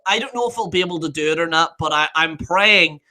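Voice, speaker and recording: A man's voice: a little high, quick pace, pushed and bright. A man hosting a casual live stream, reading viewer comments aloud, laughing often, swearing freely and trailing off mid-sentence.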